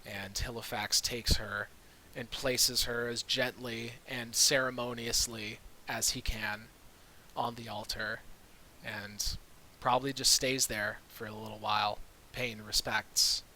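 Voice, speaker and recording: A man narrating as dungeon master in relaxed, filler-heavy storytelling on a USB mic over a video call. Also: mid-range voice, slow pace, slight background noise, poor audio. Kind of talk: narrating a tabletop game.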